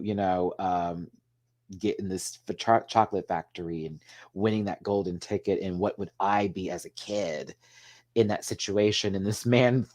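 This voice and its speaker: With a lowish voice, this man reviews a TV show on his own in a casual, animated, emotional way. He curses freely, drops drag slang, and wanders through restarts and side comments aimed at his viewers.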